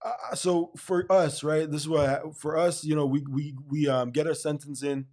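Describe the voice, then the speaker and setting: A man hosting an interview, telling a story in an animated way and laughing often. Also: a little high, moderate pace. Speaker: host.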